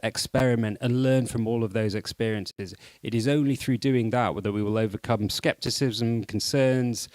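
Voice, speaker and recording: A man giving a fluent, measured and persuasive talk at a conference. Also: medium pitch, no room sound. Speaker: conference speaker.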